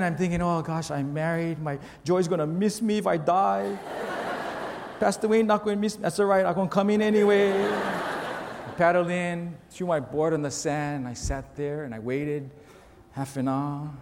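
High-pitched guy pastor telling a story from the pulpit, animated and self-mocking, big echoey church. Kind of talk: storytelling sermon.

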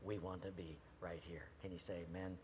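A male preacher giving an animated sermon that swings from loud to hushed. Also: low-pitched, a little fast, noisy background. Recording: long reverb in a hall, faint ambience.

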